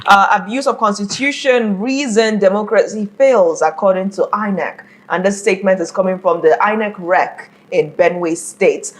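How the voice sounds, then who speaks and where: Morning show presenter, woman, brisk headline reading. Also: mid-range voice. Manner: brisk, reads headlines and moves things along.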